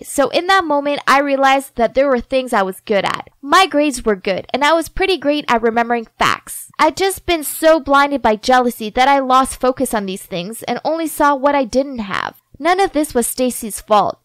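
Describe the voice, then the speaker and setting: High, expressive woman narrating a drama. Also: no room sound. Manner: dramatic, expressive, with sarcastic asides. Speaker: storyteller. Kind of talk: first-person scripted story narration.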